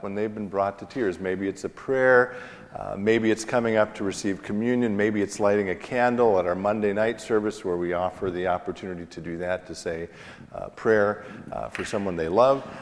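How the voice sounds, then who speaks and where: Lowish-voiced male pastor in reverberant church. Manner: conversational storytelling with fillers, self-deprecating humor. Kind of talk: sermon. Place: church sanctuary. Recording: long hall reverb in church.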